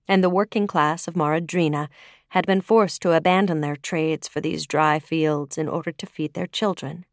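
A woman reading a fantasy novel aloud in measured storytelling narration, dropping to a hush on dark lines. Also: lowish voice, dry recording, studio quality. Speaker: audiobook narrator. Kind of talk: scripted narration.

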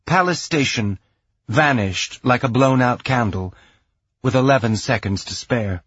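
A man narrating a science fiction audiobook in a measured, even storytelling voice. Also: mid-range voice, husky, dry recording, lo-fi sound. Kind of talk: scripted narration.

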